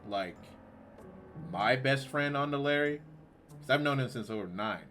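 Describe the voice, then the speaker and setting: A man giving let's-play commentary on a game, slangy and profane, shaken and near tears, swinging from quiet mumbling to outbursts. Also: medium pitch, expressive, unhurried, long pauses, faint music behind. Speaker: gaming YouTuber.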